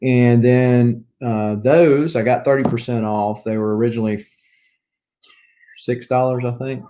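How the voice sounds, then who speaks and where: Southern US man, warm dark tone, chatty rambling show-and-tell, middle pitch. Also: steady tone, measured pace. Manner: rambling, chatty, listing items one by one. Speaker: comic book collector vlogger. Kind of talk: casual show-and-tell chat.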